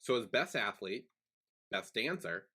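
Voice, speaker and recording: A young man co-hosting a casual podcast, rambling and animated with lots of fillers and restarts. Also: fairly low pitch, a little slow, breathy edge. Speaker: podcast co-host. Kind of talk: casual chat.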